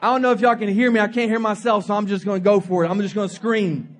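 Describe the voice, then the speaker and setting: A young man preaching a sermon as pastor, telling stories in a humorous, animated way. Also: high voice, quick pace. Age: young adult.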